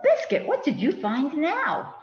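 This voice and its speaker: A woman's voice: high-pitched, huge pitch swings, unhurried, noisy background, voice pushed up, heavily acted. A cheerful little girl from a picture book calls out in a raised, sing-song voice, as a woman reads her lines aloud. Her coaxing swoops up and down. The sound is a little dull and echoes around the room.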